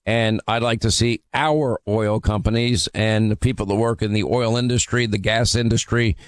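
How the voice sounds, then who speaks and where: A man's voice: lowish voice, steady tone, moderate pace, dry recording. A man hosting a call-in radio show, talking in an emphatic way with frequent fillers and restarts. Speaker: radio talk show host.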